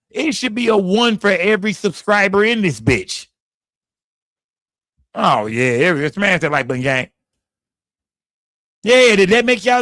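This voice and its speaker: A man's voice: sits high, a bit bright, no echo, studio quality. Profane Texan man hosting a livestream. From Texas. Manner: loose, profane, talks straight to chat. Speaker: livestream host. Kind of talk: casual livestream commentary.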